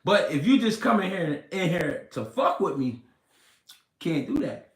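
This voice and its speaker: A man hosting a casual livestream, reading comments and talking slow and deliberate, repeating himself and swearing. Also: high voice, big pitch swings. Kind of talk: casual livestream talk about boxing. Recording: roomy echo.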